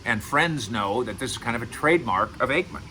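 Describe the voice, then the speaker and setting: A man's voice: mid-range voice, lively intonation, brisk, pushed and bright, slight background noise, low-quality recording. A middle-aged man giving casual sports commentary to camera as host, emphatic and repeating words for stress. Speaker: sports radio and video host.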